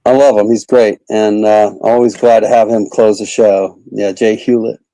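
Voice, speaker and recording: Comedian guy chatting away on an interview, mellow warm voice, dry sound. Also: on the low side, flat delivery, moderate pace, dry recording, rough recording. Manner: rambling, chatty, lots of fillers. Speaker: comedian guest. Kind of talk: casual interview chat.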